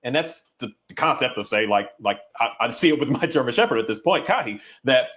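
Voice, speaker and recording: A man who works as a dog trainer, talking in a casual, rambling and halting way, now and then voicing his dog's thoughts. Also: medium pitch, lively intonation, a bit bright. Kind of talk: casual conversation.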